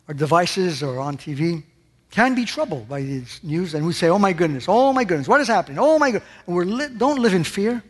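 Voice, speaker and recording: High-voiced man preaching in a reverberant hall. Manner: impassioned preaching, rising high on questions and dropping to a hush. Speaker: pastor. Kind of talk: sermon.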